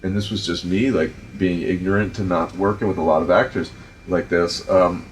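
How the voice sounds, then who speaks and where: A middle-aged film director with a Providence, Rhode Island accent hosts a podcast, chatting casually and telling animated, profane stories about directing, full of fillers. His voice is low-pitched and his pace moderate. A little hiss or hum can be heard on the recording.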